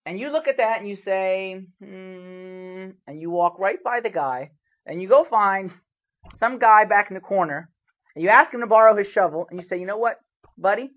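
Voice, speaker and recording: A man preaching a sermon, telling stories with lively bursts of loudness and sudden drops. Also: sits high, a little fast, lo-fi sound. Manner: animated storytelling with sharp swings in loudness.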